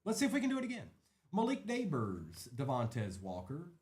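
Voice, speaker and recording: Lively man hosting a card break. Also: medium pitch, brisk. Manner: lively, chatty, rattling off names. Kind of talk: live card-break commentary.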